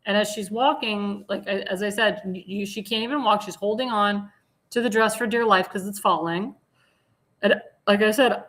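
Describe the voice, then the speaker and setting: A woman hosting a commentary show in a bright, forceful voice at an ordinary pitch. She talks bluntly and with indignant scorn. She rambles and sometimes trails off while searching for a word. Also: moderate pace. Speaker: talk show host. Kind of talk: opinionated commentary on slides.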